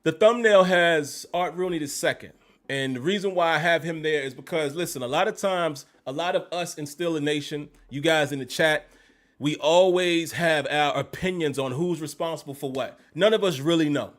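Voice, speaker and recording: A man hosting a live-streamed football recap, animated and emphatic, repeating phrases to drive his points home. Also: fairly high pitch, moderate pace. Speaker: sports commentary host.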